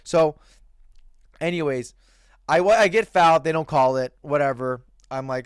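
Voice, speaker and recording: A man's voice: mid-range voice, a little fast, clear, resonant tone, no echo, clean studio sound. A young man telling a heated, profane story about a pickup basketball game in a casual rant. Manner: heated, profane, animated retelling.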